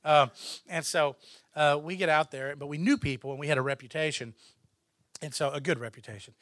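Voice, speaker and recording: A man's voice: on the high side, a little fast, no room sound, studio quality. A man telling a casual story as a guest, laughing often and acting out what others said. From Texas, USA. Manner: animated, laughs often, acts out others' lines.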